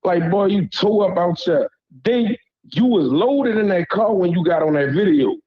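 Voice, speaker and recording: Over a muffled recording, a man from Louisiana calls in to a panel, his high-pitched, expressive voice at a moderate pace. He delivers a heated, slang-laden rant in a Southern accent, frequently asking "you hear me."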